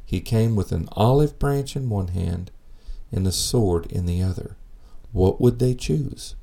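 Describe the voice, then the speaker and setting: Male preacher, sermon, mellow tone, gravelly, earnest and measured. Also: lowish voice. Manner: earnest, measured, rhetorical questions.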